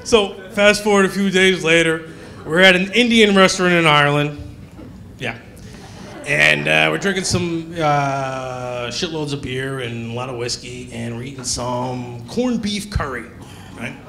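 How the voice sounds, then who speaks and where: A male stand-up comedian telling a story on a comedy club stage in an animated way, acting out the characters. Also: fairly high pitch, measured pace, gravelly.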